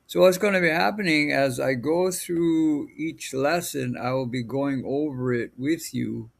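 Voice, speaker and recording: A man from Hawaii giving a recorded language lesson, slow, deliberate and patient, drawing out each sound. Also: mid-range voice, creaky. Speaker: language teacher.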